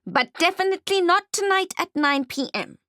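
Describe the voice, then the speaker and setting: A woman's voice: very high voice, lively intonation, moderate pace, pushed and bright, no room sound, clean studio sound, voice pushed up, full character voice. A woman voicing a greedy, scheming female goblin informant who talks in sly, evasive, snappish bursts.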